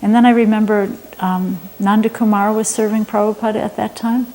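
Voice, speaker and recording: A woman's voice: mid-range voice, level tone, brisk, warm tone, a little hiss or hum, poor audio. A woman thoughtfully recalling a memory of her teacher and what it taught her. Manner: thoughtful, searching for words. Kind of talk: reflective reminiscence.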